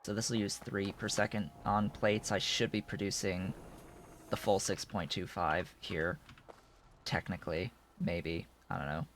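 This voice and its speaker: A man's voice: low voice, fairly even intonation, measured pace, a bit bright, a little hiss or hum. A man streaming a game, thinking aloud in a rambling way with many restarts. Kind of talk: casual live-stream commentary while playing.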